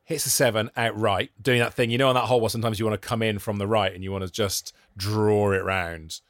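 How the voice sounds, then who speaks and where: A man's voice: lowish voice, quick pace, dry recording, studio quality. A young man, a podcast co-host, telling stories in casual chat and acting out what people said. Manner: animated storyteller, acts out quoted voices.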